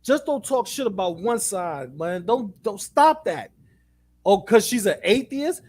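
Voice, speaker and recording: This co-host, a man with a high voice, is blunt and foul-mouthed in easygoing conversation, taking his time. When he gets worked up, he mimics others' lines with a sneer.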